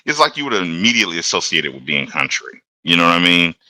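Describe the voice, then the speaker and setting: A man from Alabama, a locomotive engineer, chatting as a guest and telling stories in a relaxed, rambling way. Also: low voice, fast, dry recording. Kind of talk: casual conversational storytelling.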